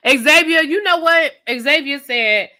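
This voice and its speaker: Bright, fired-up woman ranting to camera. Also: sits high, slow pace. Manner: animated, profane, emphatic ranting; direct address to viewers. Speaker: TV show reviewer. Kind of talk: live rant and review.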